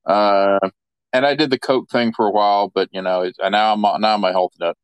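A man's voice: lowish voice, steady tone, a little fast, clear, resonant tone, no room sound. A man playing a tabletop game, telling his character's backstory in a rambling, self-correcting way. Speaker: player. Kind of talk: casual game chat in character.

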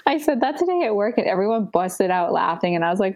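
A woman from Canada, a guest on a casual podcast, chatty and quick to laugh. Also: mid-range voice, darkish tone, no echo. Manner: chatty, laughs often, apologetic.

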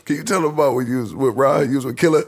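A man co-hosting a podcast, chiming in with quick affirmations and slang. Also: mid-range voice, breathy edge. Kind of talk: casual chat.

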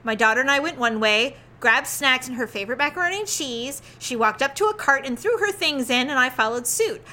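Podcast co-host: woman, high bright voice, animated storyteller. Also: fairly quick. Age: adult with a child, married. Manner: animated storytelling, laughs often. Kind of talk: casual chat.

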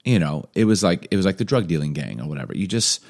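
A man from Chicago, a podcast co-host, telling a story in casual chat, animated and self-mocking, laughing often. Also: sits low, fast talker, vocal fry.

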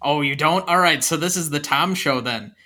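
A man's voice: on the high side, normal speed, pushed and bright. A man hosting a casual movie-review podcast, wry and keeping the segments moving. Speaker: podcast host.

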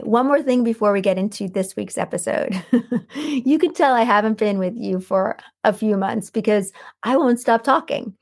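A middle-aged woman hosting her own podcast, coaching listeners in a calm, soothing voice and reading quotes out slowly. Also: mid-range voice. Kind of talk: solo podcast teaching.

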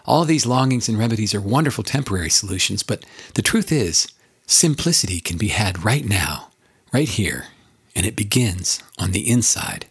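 A man's voice: on the low side, creaky, a bit bright, breathy edge. An older man narrating in a reflective, scripted way, earnest and building rhetorical lists.

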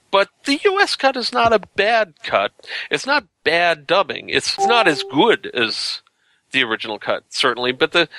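Guy with a bright voice that swings around a lot, measured and explainy, dry mic. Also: medium pitch, dry recording. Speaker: podcast co-host. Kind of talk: casual film discussion.

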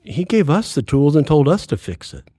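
Earnest husky-voiced man in his sixties. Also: fairly high pitch, sing-song, normal speed, mellow, no room sound, clean studio sound. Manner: earnest, acts out quoted dialogue. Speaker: podcast guest. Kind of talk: faith testimony in interview.

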